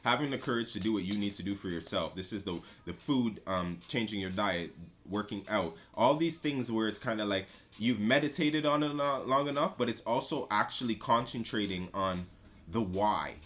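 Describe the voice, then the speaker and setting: A man's voice: lowish voice, moderate pace, fairly bright tone. A man giving a casual tarot reading, talking loosely and repeating himself, with lots of "right?" and some swearing. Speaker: tarot reader. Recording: slightly dull sound with faint music.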